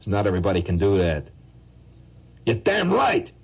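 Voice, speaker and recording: A man voicing a touchy, boastful male street painter who talks gruffly and emphatically. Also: sits low, animated, normal speed, a little mellow, exaggerated voice. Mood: indignant.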